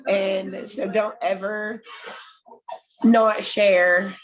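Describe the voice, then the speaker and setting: A woman's voice: medium pitch, flat delivery, extremely slow, muffled recording, soft background music. A woman speaking earnestly and encouragingly to a friend in a support group, swearing casually. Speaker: group member. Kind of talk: heartfelt casual talk.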